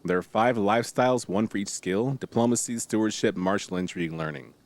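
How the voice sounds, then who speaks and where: Streaming a strategy game in a relaxed way, this man reads the tutorial text aloud, jokes around with viewers, and breaks into excited exclamations. His voice sits on the low side, brisk and creaky.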